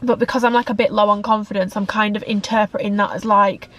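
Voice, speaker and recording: Young woman, candid rambling vlog chat, filler-heavy, mid-pitched. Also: fairly even intonation, fast, fairly bright tone. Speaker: fitness content creator.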